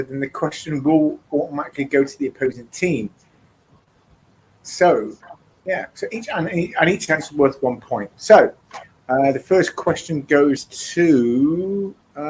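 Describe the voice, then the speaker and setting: A man hosts a casual trivia quiz, his voice lively and bouncing up and down in pitch. He reads questions and rules with fillers and restarts, and a faint hiss of noise sits under the recording. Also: rough recording. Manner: lively, chuckling, halting with fillers. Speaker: quiz host. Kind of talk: casual quiz show hosting.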